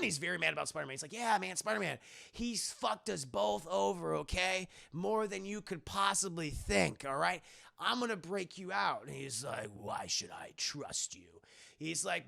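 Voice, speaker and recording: A man's voice: sits high, vocal fry, sharp tone. A man giving a sarcastic, profane spoiler recap of a film to his stream chat, acting out the characters' lines as he goes. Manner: sarcastic, profane, acts out quotes; addresses chat directly. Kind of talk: casual spoiler review recap.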